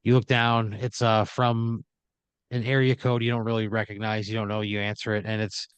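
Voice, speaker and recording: A man's voice: lowish voice, little pitch movement, moderate pace, clear, resonant tone, no room sound. A man hosting a comedy podcast, narrating an improvised second-person story and peppering it with "you know" and "like". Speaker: podcast host.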